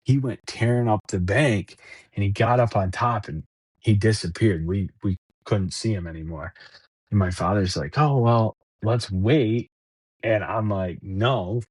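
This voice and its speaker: A man with a low, husky voice tells a story in a loose, rambling way. He stumbles over and repeats words while acting out bits of dialogue. The sound is close and dry. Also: moderate pace, no echo. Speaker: podcast guest. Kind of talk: casual storytelling.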